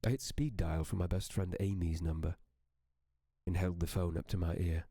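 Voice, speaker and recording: A man with a very deep, gravelly voice reads a horror story aloud in slow, steady storytelling. His tone is dark and warm, and the sound is close and dry. He reads as a streamer for his audience. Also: no echo.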